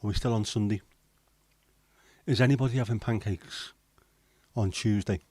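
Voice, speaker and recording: A middle-aged man chats casually on a livestream, joking and rambling through viewers' comments. His voice sits a little low and sounds mellow and warm. The sound is close and dry, with no room around it. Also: fairly even intonation, normal speed, dry recording. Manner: chatty, jokey, rambling with small asides. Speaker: livestream host.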